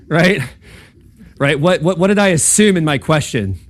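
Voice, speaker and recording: A man teaches in a loose classroom lecture style, checking in with his listeners and often asking "right?" He acts out short bits of quoted dialogue as he explains. His pitch sits in the middle for a man. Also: lively intonation, unhurried. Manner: conversational, checks in with "right?" and "okay?". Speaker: speaker at a campus talk.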